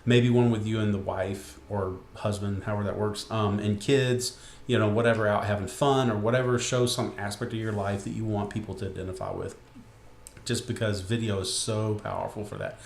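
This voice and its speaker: His voice sits on the low side, creaky and fairly even, moving fairly quickly through an echoey room. The man, a webcasting instructor, rambles through a casual tutorial at his home desk by a window, with lots of fillers and restarts, all captured by computer screen recording.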